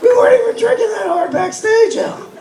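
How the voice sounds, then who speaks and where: A man's voice: extremely high pitch, fairly quick, gravelly, a little hiss or hum. Man, stand-up comedian, loose rambling delivery, lots of uhs, laughing crowd behind. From New York. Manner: loose, rambling with many uhs, bursts into loud voices for characters. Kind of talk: stand-up set. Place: comedy club stage. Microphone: handheld stage mic. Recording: echoey club recorded from far off.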